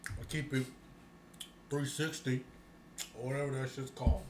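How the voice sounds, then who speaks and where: A man's voice: mid-range voice, flat delivery, moderate pace, noisy background. Blunt, profane man in an echoey room. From United States. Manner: blunt, profane, laughing mid-rant. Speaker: podcast co-host. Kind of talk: casual chat.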